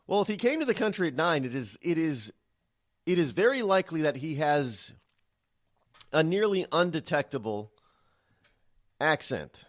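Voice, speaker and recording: A man's voice: on the high side, sing-song, moderate pace, pauses often. A man hosting a talk radio show, giving solo political commentary in a rambling, indignant way, often repeating and restarting words. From United States.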